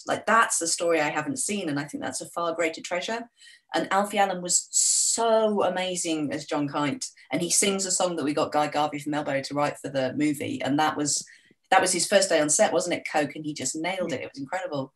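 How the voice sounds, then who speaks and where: A woman's voice: low-pitched, brisk, low-quality recording. Woman guest, chatty and self-mocking storyteller, easy casual interview talk. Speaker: author guest.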